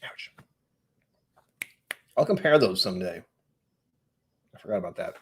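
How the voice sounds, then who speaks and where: A man's voice: low-pitched, expressive, measured pace, slight background noise. A man with a New England accent hosting a whiskey live stream, chatting, easily distracted and joking at his own expense. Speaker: whiskey channel host.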